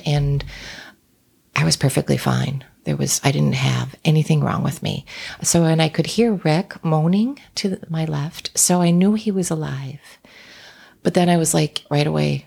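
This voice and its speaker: Middle-aged woman, low gravelly voice, halting and soft, slipping into whispers; interview guest. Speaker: guest, author and shaman. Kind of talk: recounting a personal tragedy in an interview.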